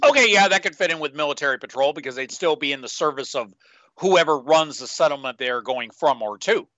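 Male co-host with a sharp, bright tone; rambles and drops into quick character asides; dull, dry lo-fi sound. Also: fairly high pitch, lively intonation, no echo. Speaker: podcast co-host. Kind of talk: casual podcast chat.

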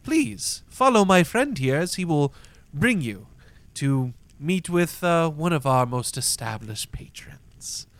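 Guy putting on a fawning, higher-pitched innkeeper, all bows and gushing welcomes. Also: lively intonation, takes it slowly, vocal fry, a bit bright, dry recording, heavily acted. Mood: effusive. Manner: effusive, bowing courtesy. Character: eager, fawning male innkeeper greeter.

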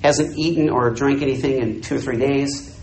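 A man's voice: mid-range voice, moderate pace, reverberant, a little hiss or hum, poor audio. An older man, a missionary preaching a sermon, telling a story and acting out the dialogue for his congregation. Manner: animated, acts out dialogue, jokes with audience.

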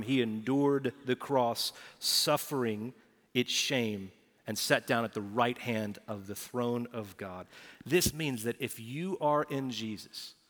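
A man preaching a sermon to a congregation, lively and quick to act out little dialogues. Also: mid-range voice. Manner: animated preaching, acts out quoted dialogue. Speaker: pastor. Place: large church auditorium. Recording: live church hall reverb.

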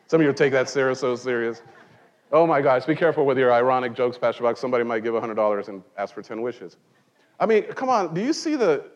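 A man's voice: on the high side, in a large hall, muffled recording. A man who grew up in Mexico, preaching a conversational sermon from a pulpit in church and mixing in wry jokes. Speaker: pastor.

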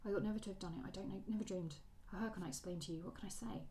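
A woman reading the lines of a distressed young Regency woman, soft, hushed and pleading. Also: medium pitch, steady tone, racing, natural voice.

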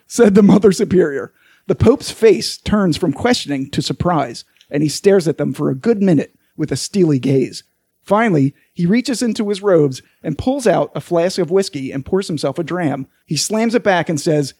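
Brief: male host, high animated voice, swinging pitch, tells jokes in casual chat. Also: moderate pace, husky, dry recording, studio quality. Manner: animated, laughs through his punchlines. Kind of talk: casual joke-telling chat.

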